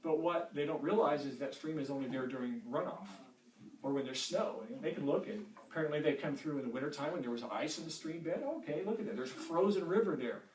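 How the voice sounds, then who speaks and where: A man's voice: on the high side, quick pace, darkish tone, slight background noise. A man teaching a Bible study in a church room in a conversational way, often repeating words as he restarts, recorded from a distance in an echoey room.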